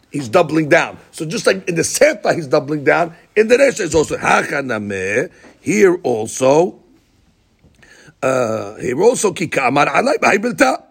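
A man's voice: a little high, vocal fry, slightly rough. A man teaching a Talmud study lesson, explaining the text line by line and acting out the speakers' words.

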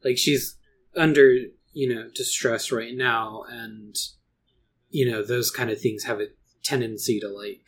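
A woman's voice: very deep voice, fairly even intonation, unhurried, slight background noise. A woman co-hosting a podcast, talking casually and thoughtfully, hedging with filler words. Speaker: podcast co-host. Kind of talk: casual chat.

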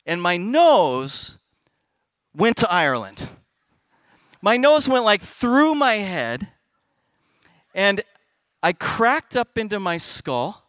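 On stage at a youth festival, a middle-aged man tells kids a comic personal story, his loudness swinging dramatically. His voice sits high and sing-song, slow with long pauses. There is no room sound.

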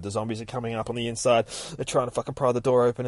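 A man hosting a podcast, retelling a comic in an excitable, heavily swearing casual way with shouted sound effects. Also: on the low side, racing, hardly any pauses, dry recording. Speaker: podcast host.

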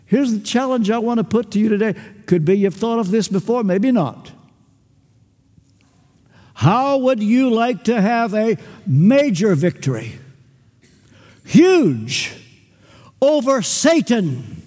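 An older man preaching a sermon, emphatic, acting out little dialogues and pausing for weight. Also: sits high, animated, a little mellow. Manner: emphatic, with acted-out dialogue and long pauses. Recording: church with long reverb.

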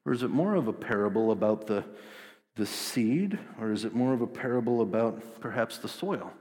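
A man's voice: lowish voice, animated, normal speed, a little mellow. Chatty male pastor in a reverberant hall. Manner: conversational, explains scripture with asides and jokes. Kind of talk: sermon. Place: church sanctuary.

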